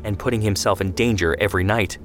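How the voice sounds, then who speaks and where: A man's voice: lowish voice, fast talker, fairly bright tone, soft background music, natural voice. A man reading the lines of a fretful mother of grown children who pleads anxiously in an audio story.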